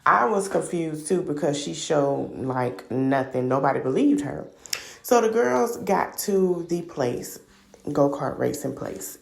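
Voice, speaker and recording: Gravelly low woman podcaster, slangy gossip recap, roomy echo. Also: darkish tone. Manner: gossipy and opinionated, slangy storytelling. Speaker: podcast host. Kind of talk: casual reality-show recap.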